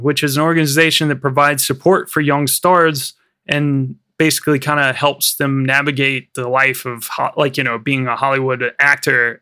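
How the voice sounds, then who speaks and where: A man's voice: fairly high pitch, sharp tone, smooth. A man co-hosting a film podcast, recounting film history in a rambling way with many fillers. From United States. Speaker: podcast co-host. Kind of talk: casual film podcast chat.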